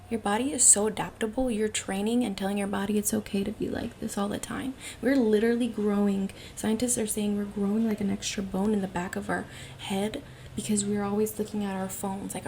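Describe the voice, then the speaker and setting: Woman doing a self-help talk, slow and breathy, kinda whispery, normal mid pitch. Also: darkish tone, a little hiss or hum. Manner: slow, deliberate, often breathy and near-whispered; demonstrates different ways of speaking.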